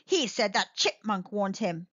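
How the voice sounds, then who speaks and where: A woman voicing a big, grumpy male bear in a children's storybook, speaking slowly with a growl. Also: medium pitch, lively intonation, a bit bright, dull audio. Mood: gruff. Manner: slow, growly delivery.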